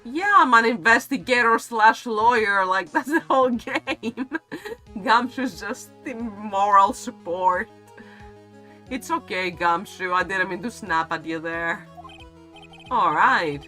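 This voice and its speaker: A woman's voice: medium pitch, slow, pushed and bright, soft background music. A young woman streaming a game playthrough, playful and self-mocking.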